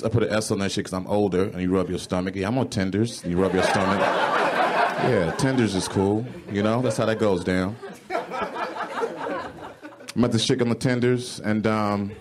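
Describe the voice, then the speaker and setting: A man doing a stand-up comedy set on a club stage, animated and profane, often jumping into high, exclaimed voices. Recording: live club recording with crowd. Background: audience laughing.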